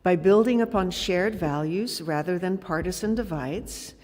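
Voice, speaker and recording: A woman's voice: fairly low pitch, a little slow, darkish tone. A woman lay leader reading a formal offertory announcement in earnest. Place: church sanctuary. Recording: long reverb of a church hall.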